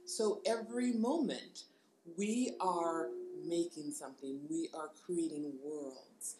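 Woman, podcast co-host, calm and reflective, low-pitched, roomy echo. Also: slow, slight background noise. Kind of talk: casual podcast chat. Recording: echoey room.

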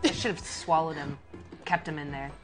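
A woman's voice: low voice, moderate pace, faint music behind. A woman playing a tabletop game who speaks in character and sighs. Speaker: player. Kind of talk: casual tabletop play.

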